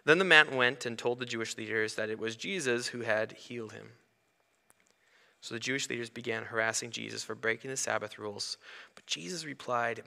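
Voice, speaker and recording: A man preaching a sermon in a conversational way, breaking into animated asides. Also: mid-range voice, brisk, vocal fry. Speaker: pastor. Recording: long hall reverb.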